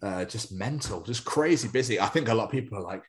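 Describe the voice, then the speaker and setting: This young man's voice sits on the low side, quick and expressive, as he co-hosts a podcast. The talk is loose and rambling, full of jokes and goofy character voices.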